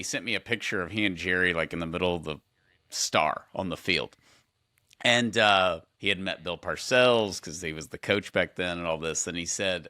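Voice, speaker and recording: A man in his forties talks on a podcast with a bright, forceful voice. His pitch sits a little low but jumps up when a story gets going. The sound is close and dry. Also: dry recording. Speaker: podcast co-host. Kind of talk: casual podcast conversation.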